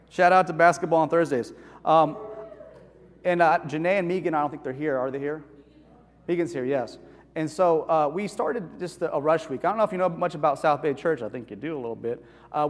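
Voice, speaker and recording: A man preaching a conversational sermon in a church, animated and asking the congregation questions. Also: fairly high pitch. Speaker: pastor. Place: church hall. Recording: reverberant church hall.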